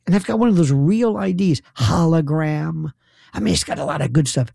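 A middle-aged man talks in a mellow, gravelly voice, spinning a comedic monologue. His tone is sarcastic and incredulous, full of restarts and asides. The sound is dry and close on a studio mic. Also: fairly high pitch, animated, fast, no room sound.

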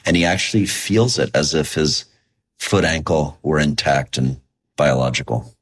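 A male researcher answering interview questions in a measured, explanatory way. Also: extremely low pitch, breathy edge. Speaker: researcher guest.

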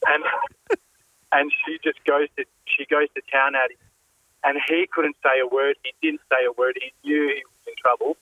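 Man, radio caller, relaxed, hesitant, bright voice. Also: mid-range voice, normal speed, no echo, rough recording. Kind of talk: telling a story on air.

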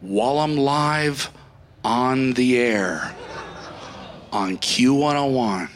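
A man playing a dumped young radio DJ who rants in bursts and keeps cracking between shouting and near-tears, in a comic monologue. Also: medium pitch, very slow, roomy sound. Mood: bitter. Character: heartbroken young male rock radio DJ, ranting.

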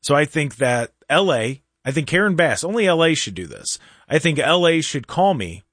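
A man hosting a casual talk show, ranting in an animated way and often restarting or repeating words. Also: fairly high pitch, moderate pace, no echo, clean studio sound. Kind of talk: casual opinionated chat.

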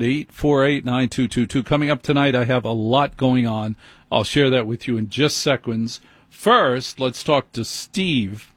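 Late-night radio host, male, husky and dry, wry self-deprecating talker. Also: mid-range voice, dry recording. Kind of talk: conversational storytelling monologue. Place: radio studio.

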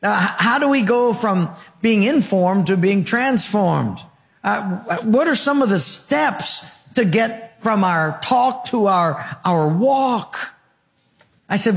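Male pastor, sermon, high voice, rhythmic rhyming lines. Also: lively intonation, slow pace, vocal fry, long reverb tail. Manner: rhythmic, rhyming phrases, asks the congregation questions.

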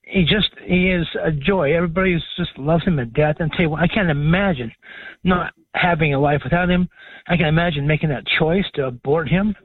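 A man's voice: fairly high pitch, brisk, breathy edge, dry recording. A man in his sixties calling in to a radio show, emotional and choked up. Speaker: caller. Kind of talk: call-in radio talk. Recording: tinny phone line.

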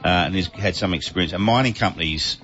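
Male talk-radio host, lower voice, easygoing, muffled broadcast sound. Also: fast, fairly bright tone. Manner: chatty, laughs easily. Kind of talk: casual radio chat.

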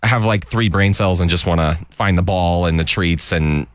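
A man with a fairly low voice talks casually on a radio segment, upbeat and chatty with frequent laughs. The sound is dry and close to the mic. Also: moderate pace, no room sound. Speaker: animal shelter representative.

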